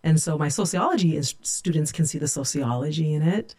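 A woman's voice: deep voice, a little fast, a little mellow. Earnest woman telling her story. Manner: reflective, candid, earnest. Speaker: sociology professor. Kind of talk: personal storytelling.

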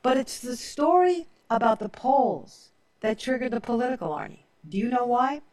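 A woman's voice: fairly high pitch, normal speed, a little mellow, recorded from a distance. An older woman hosting a political talk show, telling stories emphatically and often checking in with "okay?". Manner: emphatic storyteller, keeps adding "okay?". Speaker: radio talk show host.

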